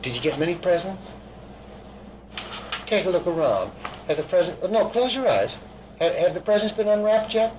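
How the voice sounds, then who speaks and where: A man leading a hypnotic age regression session, asking calm, coaxing, leading questions. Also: high-pitched, normal speed, pauses often. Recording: dull archival recording with hiss.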